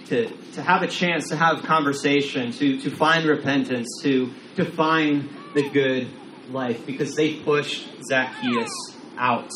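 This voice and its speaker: A man's voice: a little high, a bit bright. Conversational male pastor in echoey room. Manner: conversational, repeats words, acts out quotes. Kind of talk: casual sermon. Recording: roomy echo, faint room noise.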